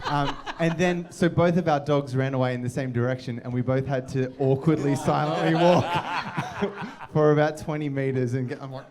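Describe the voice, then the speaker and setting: A man on a live comedy panel, telling a sheepish anecdote and loudly acting out the people in it. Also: on the high side, normal speed, heavy background noise. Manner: sheepish anecdotes, loud mock quotes. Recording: live show with crowd.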